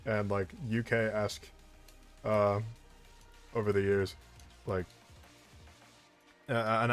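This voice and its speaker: A man who voices characters, chatting animatedly on a livestream and often restarting his sentences. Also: on the low side. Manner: animated and talkative, with frequent restarts and laughs. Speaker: voice actor. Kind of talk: casual chat on a livestream.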